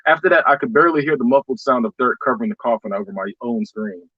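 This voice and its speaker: A man's voice: mid-range voice, lively intonation, quick pace, slightly rough, dry recording, muffled recording. A man hosting a casual podcast, reading short scary stories, laughing often and stumbling over repeated words.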